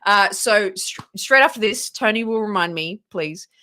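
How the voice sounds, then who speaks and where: A woman's voice: medium pitch, expressive, moderate pace, bright, forceful tone. A woman co-hosting a live stream in casual chat, cheeky and chatty, laughing often.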